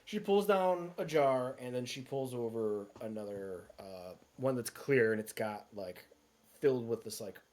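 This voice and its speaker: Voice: mid-range voice, lively intonation, measured pace, darkish tone. A game master narrating a tabletop game in a rambling way, with many fillers and asides.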